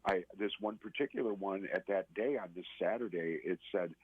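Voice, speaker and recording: Deep husky man on a phone line. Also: expressive, no echo. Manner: earnest, halting, with many restarts. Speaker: radio interview guest. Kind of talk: personal storytelling in a radio interview.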